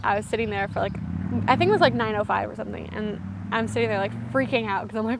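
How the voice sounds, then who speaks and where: A woman's voice: medium pitch, fast, creaky, background noise. A young adult woman and college student telling a story to camera in a chatty, self-deprecating way. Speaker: vlogger, college student of French.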